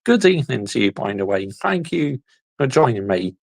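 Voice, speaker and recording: A man hosting a football video channel, reacting to clips in casual, animated commentary with frequent exclamations and laughs. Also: medium pitch, normal speed, gravelly, no echo, rough recording. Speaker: YouTube football channel host.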